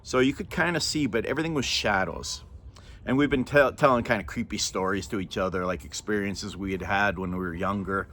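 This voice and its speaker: A man's voice: on the low side, brisk, fairly bright tone. A middle-aged man telling a personal story to camera in a rambling, chatty way, often breaking into laughter and apologizing.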